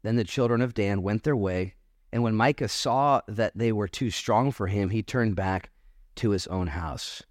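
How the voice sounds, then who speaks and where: A man's voice: mid-range voice, no room sound, clean studio sound. A male pastor giving a sermon in church, reading scripture aloud and then riffing on it in a casual, joking way. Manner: casual, joking preacher who reads scripture then riffs.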